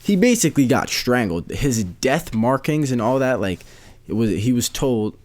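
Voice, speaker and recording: A man's voice: medium pitch, big pitch swings, normal speed, a little mellow. A man hosting a casual solo podcast, rambling and repeating himself in disbelief. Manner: rambling, repeats phrases, incredulous. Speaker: podcast host.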